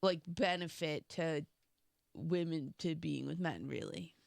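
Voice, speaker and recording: A man's voice: fairly high pitch, measured pace, vocal fry, dry recording. A man co-hosting a casual podcast, chiming in with short sarcastic asides on a close studio mic. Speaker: podcast co-host. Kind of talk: casual talk show banter.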